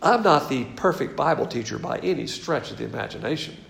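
A man's voice: medium pitch, animated, a little fast, gravelly, fairly bright tone, roomy sound. A man with a Southern US accent teaching the Bible in a folksy, conversational sermon with asides.

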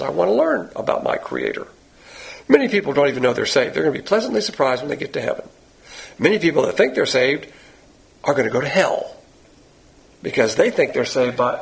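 A man's voice: on the high side, gravelly, slightly rough. A man teaching a sermon on the Bible in a blunt, folksy, emphatic way.

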